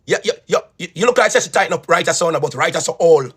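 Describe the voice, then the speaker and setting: Man, mocking, repetitive, insulting, high-pitched. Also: lively intonation, fast, few pauses, a bit bright, slightly rough. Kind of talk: heated video rant.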